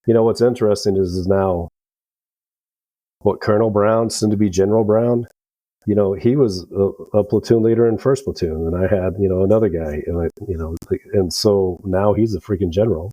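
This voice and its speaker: Low, dark-voiced man telling war stories. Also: normal speed, no echo, low-quality recording. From United States. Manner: rambling, profane, acts out quoted dialogue. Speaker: podcast guest, veteran. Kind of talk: casual storytelling.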